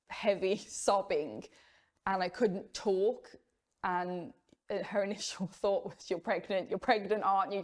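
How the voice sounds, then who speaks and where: A young adult woman with a low voice, a former Jehovah's Witness, gives a personal testimony of her story. She tells it candidly and in a measured way, with rueful laughs.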